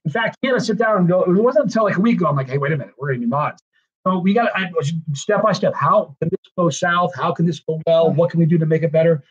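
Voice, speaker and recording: A man's voice: on the high side, quick pace, breathy edge. A tired man hosting a livestream, rambling and effusive as he thanks his viewers one by one. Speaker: livestream host. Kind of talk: casual livestream chat. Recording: dull lo-fi stream audio.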